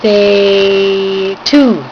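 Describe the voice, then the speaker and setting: A woman's voice: medium pitch, level tone, drawn-out words, dull audio. A young woman feeding a toddler at home, coaxing her with short, repeated commands. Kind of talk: coaxing a small child at mealtime. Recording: noisy home video.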